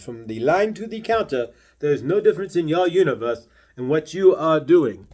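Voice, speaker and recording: A man speaking as a spiritual channeler, delivering a slow, deliberate talk full of repeated questions. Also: on the high side, a little mellow.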